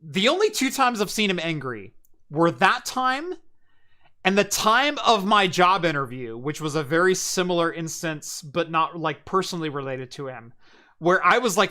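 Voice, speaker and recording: Podcast host guy, bright voice, drifts through a story with lots of ums. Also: fairly high pitch. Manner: relaxed, dry interjections, rambling anecdote. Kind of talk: casual chat.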